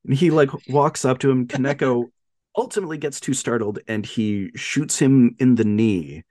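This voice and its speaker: A man's voice: medium pitch, normal speed, warm tone, no room sound, clean studio sound. A man co-hosting a podcast, retelling a film plot in casual chat and acting out quotes in a raised voice. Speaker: podcast co-host.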